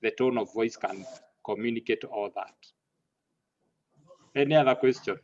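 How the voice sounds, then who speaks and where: A man lecturing an online class, halting and repeating words, slipping into Swahili now and then. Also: medium pitch. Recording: muffled lo-fi audio.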